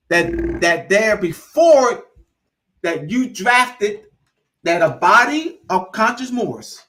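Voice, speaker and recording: Fervent high-voiced man lecturing. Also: fairly bright tone. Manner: preachy and repetitive, building in fervor; informal, drops into dialect. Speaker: host. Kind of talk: impassioned lecture.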